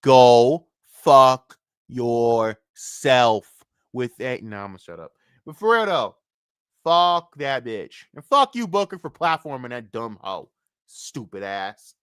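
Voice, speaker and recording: A streamer ranting on a live stream, cursing constantly, dropping to low mutters and then bursting out loud, and often repeating the same phrase several times. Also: wildly swooping pitch, moderate pace, clean tone, no echo, clean studio sound. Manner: profane, swings between low muttering and loud outbursts.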